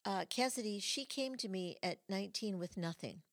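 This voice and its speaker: Host, middle-aged woman, Michigan-raised, lively storyteller, mid-range voice. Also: mid-range voice, normal speed. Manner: animated storyteller, acts out quotes. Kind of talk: casual chat.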